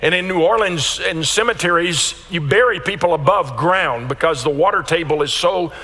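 A man's voice: on the high side, normal speed, long reverb tail. A man preaching a sermon as pastor, telling a story with frequent restarts. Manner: storytelling, animated with repeated restarts.

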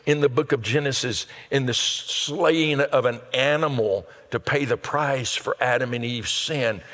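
Male pastor, sermon, mid-pitched voice, earnest and emphatic, long hall echo. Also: measured pace. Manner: earnest preaching that builds to loud emphatic peaks. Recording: long reverb of a large hall.

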